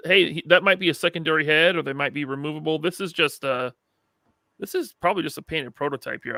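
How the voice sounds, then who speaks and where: A man's voice: a little high, creaky, bright, forceful tone, dry recording, clean studio sound. A man co-hosting a podcast in casual chat, enthusiastic and chatty. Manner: enthusiastic, chatty, laughs often. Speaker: podcast co-host.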